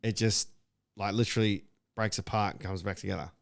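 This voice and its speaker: A man co-hosting a podcast, telling road stories in casual chat, animated and swearing freely. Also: brisk, vocal fry. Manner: animated storyteller, swears freely, mimics people in high voices. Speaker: podcast co-host.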